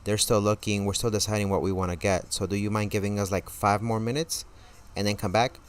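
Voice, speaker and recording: A man telling a story casually on a live stream, swearing often and stammering through restarts, his voice jumping high and loud when he reenacts his outrage. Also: level tone, a little fast, clear, resonant tone. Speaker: gaming streamer.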